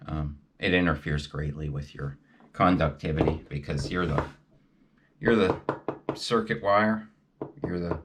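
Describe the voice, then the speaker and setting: A man talking in a rambling, halting monologue with many fillers and restarts. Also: low-pitched, slight background noise. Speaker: video host.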